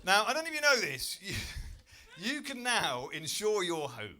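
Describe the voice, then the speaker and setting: A man from Britain doing stand-up comedy in a club, telling stories with loud incredulous outbursts. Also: high voice, normal speed. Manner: animated storytelling, bursts into loud incredulous outbursts. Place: comedy club stage before a live audience.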